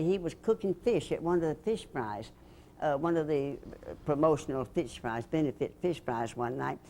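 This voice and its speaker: An older woman from Alabama, telling lively stories about her past as a radio host and reporter in an interview. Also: deep voice, a little hiss or hum. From Alabama, USA. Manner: lively storyteller who acts out the voices in her anecdotes. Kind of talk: storytelling reminiscence.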